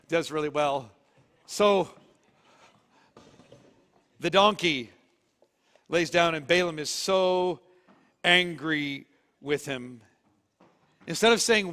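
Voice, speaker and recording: A pastor preaching to his congregation, telling the story in a lively, joking way with a fairly high voice. The sound carries a long reverb from the church hall. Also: measured pace, pauses often. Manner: animated storytelling, jokey. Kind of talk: sermon. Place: church auditorium.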